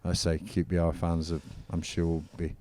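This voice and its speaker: Deep-voiced man, chatty and enthusiastic. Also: monotone, normal speed, darkish tone, a little hiss or hum. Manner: enthusiastic, rambling storyteller. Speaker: interview guest, former football manager and musician. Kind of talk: casual chat.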